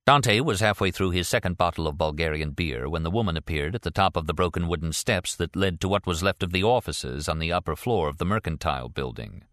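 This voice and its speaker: A man with a deep voice reads a novel aloud, letting his pitch rise and fall widely as he tells it. The sound is close and completely dry, with no room around it. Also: expressive, brisk, hardly any pauses, fairly bright tone, dry recording. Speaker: audiobook narrator. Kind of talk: scripted narration.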